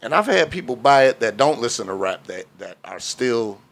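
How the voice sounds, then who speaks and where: A man's voice: mid-range voice, normal speed. A man, an underground hip hop artist, answering interview questions in a chatty, storytelling way with plenty of fillers like "you know" and "man". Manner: animated storytelling with many fillers.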